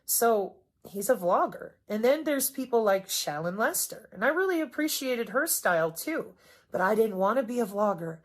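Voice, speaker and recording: Middle-aged woman from the Midwest, solo vlog monologue, sarcastic and emphatic, swears freely, lots of swings in pitch and volume. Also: big pitch swings, moderate pace. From Wisconsin, US Midwest. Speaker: vlogger.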